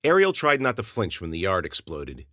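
A man narrating his own horror story in a measured, steady way as a podcast host. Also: deep voice, no echo, clean studio sound.

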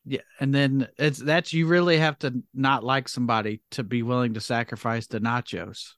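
Male co-host, 40s, reflective and hesitant, mid-pitched, dry studio sound. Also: steady tone, moderate pace, fairly bright tone, no echo. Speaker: podcast co-host. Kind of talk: casual comedic chat.

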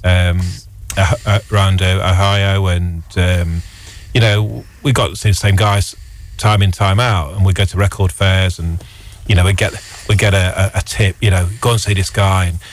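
A man's voice: sits low, steady tone, normal speed. A man on a radio show, chatting casually as a guest and telling long stories full of fillers and restarts. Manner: rambling storyteller, frequent fillers and restarts. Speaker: radio guest, record dealer. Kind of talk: casual chat.

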